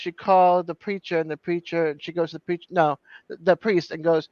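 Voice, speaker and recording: High-pitched man, smooth voice, telling a joke, dull dry chat audio. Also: flat delivery, a little fast, darkish tone, dry recording. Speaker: caller telling jokes.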